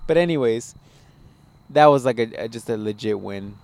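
A young man hosting a podcast, telling profane, animated stories in a casual chat. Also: mid-range voice, normal speed. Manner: profane, animated storytelling with laughs. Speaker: podcast host.

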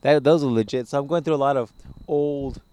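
A young man hosting a podcast, telling profane, animated stories in a casual chat. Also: mid-range voice, brisk, clear, resonant tone. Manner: profane, animated storytelling with laughs. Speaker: podcast host.

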